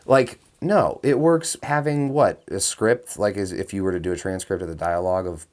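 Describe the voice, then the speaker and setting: Low-voiced male co-host who restarts his sentences and works out ideas aloud in casual film chat. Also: normal speed. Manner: restarts often, thinks out loud. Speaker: podcast co-host. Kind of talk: casual movie discussion.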